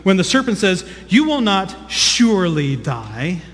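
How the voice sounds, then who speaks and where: High-voiced male preacher in a reverberant hall. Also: big pitch swings, measured pace, a bit bright. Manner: earnest teaching, frequent word repeats, asks the congregation questions. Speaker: pastor. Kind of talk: sermon. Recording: long reverb of a large hall.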